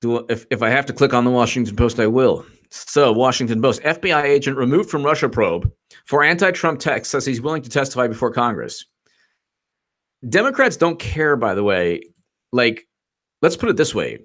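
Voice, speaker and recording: A man's voice: medium pitch, lively intonation, moderate pace, a bit bright. Rambling sarcastic male commentator. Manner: rambling, sarcastic, stumbling restarts; laughs at own jokes, mocking impressions. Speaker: political commentary host. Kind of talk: casual livestream commentary.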